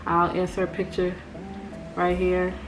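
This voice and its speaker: A young woman, telling her viewers a story in an animated storytime vlog and calling them y'all. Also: lowish voice, slow, music in the background. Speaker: vlogger.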